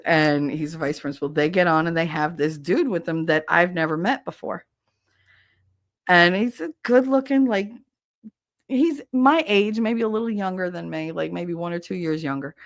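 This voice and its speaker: A woman in her thirties co-hosting a podcast, telling a gossipy story in casual, profane chat, laughing often and jumping up high to quote people. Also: no room sound, clean studio sound. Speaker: podcast co-host.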